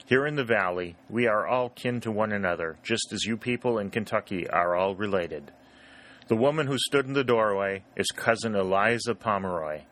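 A man voicing a gentle, lively young cavalry scout. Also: fairly low pitch, normal speed, close to an everyday voice. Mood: amused. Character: young cheerful male Confederate scout.

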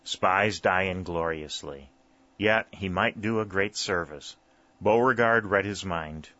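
A man reading a historical novel aloud in a steady, measured narration. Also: low-pitched, no room sound, highs cut off. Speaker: audiobook narrator. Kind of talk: scripted narration.

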